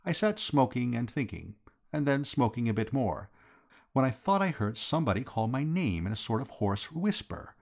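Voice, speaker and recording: A man narrates a classic comic novel in scripted audiobook style. His delivery is animated and rises and falls a great deal, with a slightly husky voice. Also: medium pitch, moderate pace.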